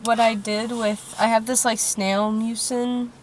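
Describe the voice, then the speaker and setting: A woman's voice: a little high, level tone, measured pace, a little hiss or hum. Chatty young woman podcasting in a car. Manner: chatty, loose, swears casually, trails off into fillers. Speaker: podcast co-host. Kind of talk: casual chat. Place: inside a parked car.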